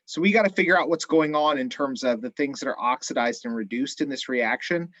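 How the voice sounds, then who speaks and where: A man teaching chemistry in an online class, explaining methodically step by step, his voice a little hoarse. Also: mid-range voice, fairly quick, fairly bright tone, no room sound. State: slightly hoarse. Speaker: chemistry instructor.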